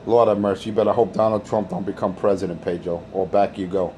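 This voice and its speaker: A man's voice: low-pitched, level tone, quick pace, noisy background. A man hosting a crude, taunting radio rant. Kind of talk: insult-heavy radio rant.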